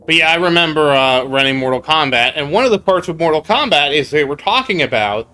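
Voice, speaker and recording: A man's voice: on the high side, animated, a little fast, sharp tone, soft background music. A man hosting a gaming channel, chatting casually over gameplay as a rambling storyteller who laughs often and repeats himself.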